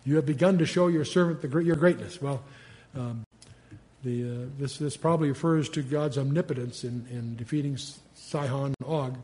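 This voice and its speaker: An older man teaching the Bible in a relaxed, conversational way, reading verses aloud with rising force and then musing with fillers and asides. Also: medium pitch, normal speed.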